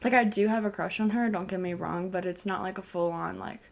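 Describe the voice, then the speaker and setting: A young woman chatting through a movie review to a camcorder, bubbly and giggly, leaning on "like" between thoughts. Her pitch sits in a middle register, and her delivery stays loose and unscripted. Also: brisk, creaky. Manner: giggly, lots of "like" fillers. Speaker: film reviewer. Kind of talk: casual chatty film review.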